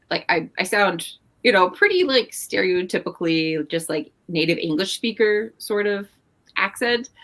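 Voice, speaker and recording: With a fairly low, slightly bright voice, this young woman from Canada chats casually as a co-host. Her Canadian accent comes through, and her talk is full of fillers and "likes."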